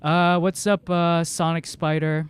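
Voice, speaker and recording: A man from the American South chats in a loose, rambling way while he plays, with a voice pitched a little above average. He tells long stories full of quick laughs and detours. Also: level tone, clean tone. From Southern United States. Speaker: game streamer. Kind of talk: casual chat while playing.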